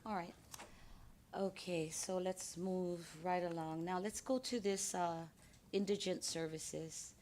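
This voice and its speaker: A woman legislator with a hoarse voice from cheering, raising her voice a little as she questions officials at a budget hearing. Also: fairly low pitch, steady tone, slow, a little mellow, a little hiss or hum. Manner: raises voice to hear herself.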